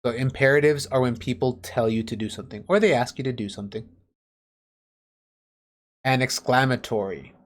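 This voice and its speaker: Male teacher, mid-range voice, patient and plain-spoken, teaching over a video call. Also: medium pitch. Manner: patient, explains with everyday examples. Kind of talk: online class lesson.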